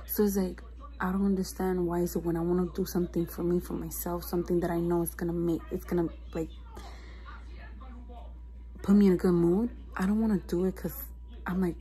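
A young woman, stressed and down, vlogs casually to her camera with plenty of fillers such as "like" and "you know what I mean." She speaks a little fast in a fairly low, mellow voice with flat delivery, and the recording is rough.

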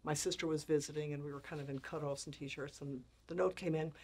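Woman, sixties, guest speaker, animated storyteller, acts out quotes, laughs often. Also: sits low, brisk, a crowd in the background. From Ireland. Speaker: guest speaker, make-up artist. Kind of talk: storytelling interview talk.

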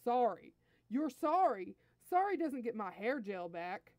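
A proud, hot-tempered alien prince who snaps and sneers at his servant, as a woman reader puts him on. Every line is a scornful command. Dry, close storybook reading with a slightly high voice. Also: brisk, a little mellow, no echo, natural voice. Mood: angry.

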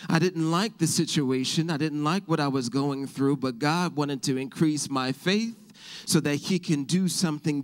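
Slow-preaching man delivering a sermon. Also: medium pitch. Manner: preaching with call-and-response questions to the congregation; acts out Bible voices in the telling. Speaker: pastor.

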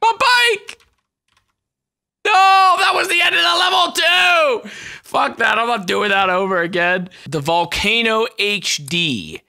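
High, excitable man yelling over gameplay. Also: takes it slowly, gravelly, clear, resonant tone. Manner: excitable, yelling, swearing, laughing. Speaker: gaming YouTuber. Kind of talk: let's-play commentary. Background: game music.

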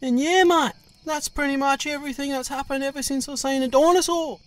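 A man's voice: very high voice, steady tone, a little fast, fairly bright tone. A man voicing a laid-back, foul-mouthed Australian male sasquatch in a fan-made cartoon. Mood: chatty. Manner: laid-back, swears a lot, drawls.

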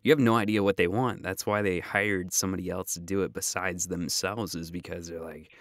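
Deep-voiced man hosting a podcast. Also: fairly even intonation, fairly quick, no room sound, clean studio sound. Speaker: podcast host. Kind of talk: casual interview chat.

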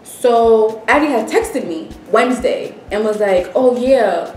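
A woman's voice: fairly high pitch, slow. A young woman vlogger casually telling a story, acting out what everyone said. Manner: animated, acts out quoted dialogue. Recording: roomy echo, distant mic, faint music.

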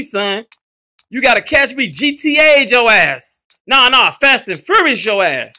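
A man hosting his gaming channel, giving live gameplay commentary in an excitable, slangy way and yelling at his teammates. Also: extremely high pitch, moderate pace.

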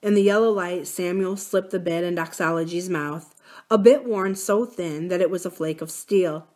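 A woman reading a novel aloud for a library series, narrating calmly. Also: on the low side, moderate pace. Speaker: library reader.

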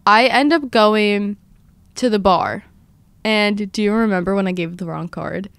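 A woman in her twenties hosting a podcast, telling a story in casual chat with lively, dramatic retellings of her own quotes. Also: medium pitch, measured pace, vocal fry, smooth, no echo. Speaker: podcast host.

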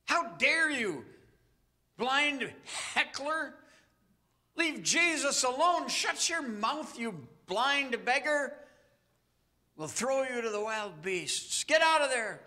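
A male pastor voicing a hostile man in a crowd who shouts scornful insults, in a sermon. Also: very high-pitched, sing-song, takes it slowly, heavily acted.

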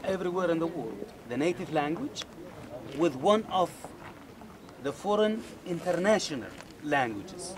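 A man guides a group around an outdoor site in a fairly high voice. He is animated and speaks straight to his listeners, and loud outdoor noise runs under his speech. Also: a little slow. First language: Arabic. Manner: animated, demonstrative, addresses listeners directly. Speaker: tour guide. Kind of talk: guided tour talk to a group. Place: outdoors at a rocky archaeological site.

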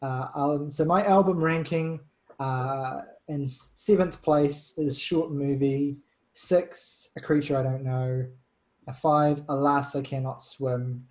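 A man's voice: a little high, steady tone, slow pace, darkish tone, rough recording. A man hosting a casual music podcast, talking loosely with plenty of fillers. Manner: chatty, loose, lots of fillers. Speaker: podcast host.

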